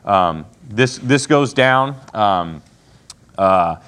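A man leads a laid-back Bible lesson for a class. He talks in a lively, joking way and keeps asking his listeners questions. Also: on the low side, very slow, smooth.

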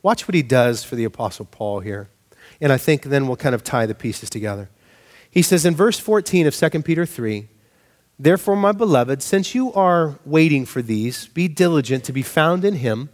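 A pastor delivers his sermon in a casual, animated style. He asks his listeners rhetorical questions as he goes. His voice sits a little high for a man. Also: normal speed.

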